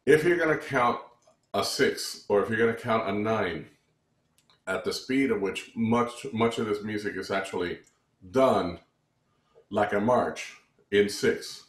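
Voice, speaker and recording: Male music theory teacher, low voice, halting explanations, roomy echo. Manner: counts beats aloud, many restarts, explanatory. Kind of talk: online music lesson.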